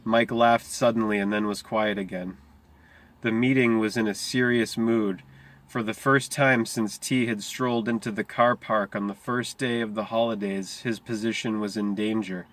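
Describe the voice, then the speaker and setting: A man reading a short story aloud, unhurried, slowing on key phrases and sometimes stumbling over a word. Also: fairly low pitch, steady tone, fairly bright tone. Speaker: reader.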